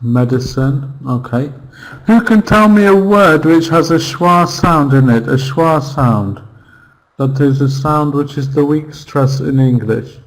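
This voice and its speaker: A man teaching an online English lesson, slowly repeating words and pronunciations for his students. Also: fairly high pitch, rough recording.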